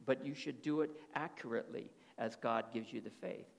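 Man, middle-aged, pastor, sermon, raspy gravelly voice, long hall reverb. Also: mid-range voice, fairly quick. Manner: animated preaching with rhetorical check-ins.

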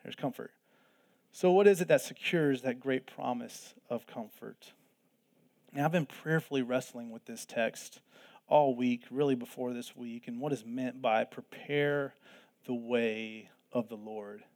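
A man's voice: medium pitch, a little slow, a little mellow. A man preaching a sermon in an earnest way, repeating phrases for emphasis. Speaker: pastor.

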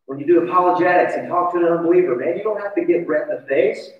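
A man's voice: a little high, fast talker. Male pastor, sermon, conversational and confessional, heard from far off on a dull, muffled recording. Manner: conversational, confessional, asks the audience questions. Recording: distant, echoey, dull church recording.

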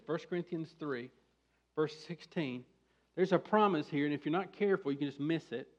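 A man preaching a sermon as pastor, building to emphatic, forceful bursts. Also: sits high, dull audio.

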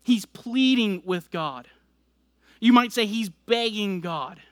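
High-voiced male preacher, dry close sound. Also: lively intonation, slow, no room sound. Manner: expository preaching, building emphasis on verses. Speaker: pastor. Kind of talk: sermon.

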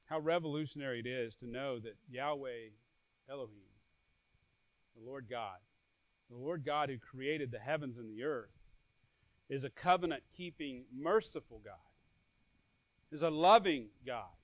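A man preaching a sermon earnestly. His voice swells louder and then drops soft, and he repeats phrases and restarts words as he goes. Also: mid-range voice, unhurried, pauses often, no room sound, dull audio. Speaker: pastor.

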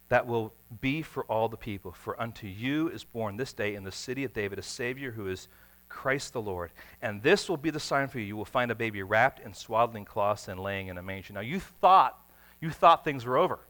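A man preaching a sermon, telling stories with dramatic swings between hushed, quiet passages and sudden shouts. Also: on the low side, lively intonation, normal speed. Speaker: pastor.

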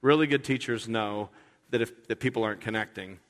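A man's voice: lowish voice, a little fast, a bit bright, big-room sound. A man preaching a sermon in a conversational, earnest way, often restarting his sentences. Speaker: pastor.

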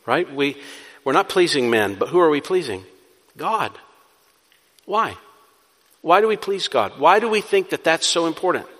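A pastor delivers an emphatic sermon in a church sanctuary, asking his own questions and then answering them. His voice is on the high side and a bit bright, with reverberant hall acoustics.

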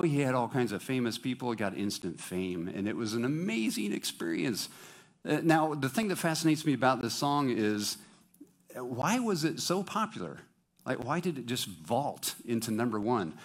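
A man preaching a sermon to his congregation, lively and joking with them, singing bits and asking the crowd questions. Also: medium pitch. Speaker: pastor.

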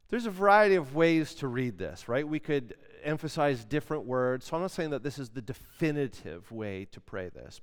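A man preaching a sermon, dramatic, moving between loud emphasis and hushed asides. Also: mid-range voice. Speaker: pastor.

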